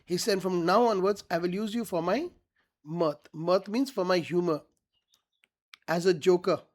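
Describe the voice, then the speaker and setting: A man's voice: high-pitched, a little slow. A man teaching a literature lesson, reading each quoted line and then paraphrasing it plainly, often checking whether his students follow.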